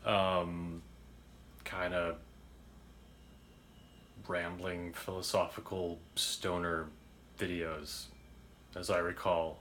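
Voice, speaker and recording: A man in his thirties casually commenting on his old videos, rambling and self-conscious with halting restarts. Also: sits low, sharp tone.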